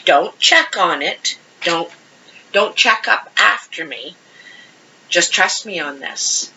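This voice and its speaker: A woman's voice: lowish voice, lively intonation, takes it slowly, pushed and bright, a little hiss or hum. A woman giving a casual, chatty tarot reading to camera, rambling a little and laughing easily, on a dull lo-fi home recording. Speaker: tarot card reader.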